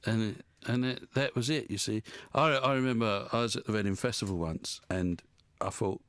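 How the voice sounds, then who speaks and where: Here a man with a lowish, slightly bright and smooth voice hosts a radio show at a moderate pace. The dry recording captures him joking around live with guests in the studio, rambling, teasing them and poking fun at himself.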